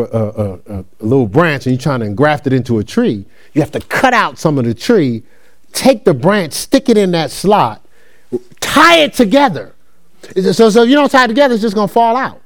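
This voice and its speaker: A man preaching a conversational sermon, repeating phrases and checking in with his listeners as he teaches. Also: a little high. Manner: animated, repetitive, conversational preaching with call-and-response.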